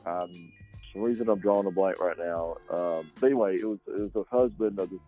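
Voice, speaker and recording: A man's voice: low-pitched, a little fast, soft background music. A male actor being interviewed, speaking casually and hesitantly, with many ums and restarts. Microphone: radio show microphone. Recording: dull, lo-fi sound.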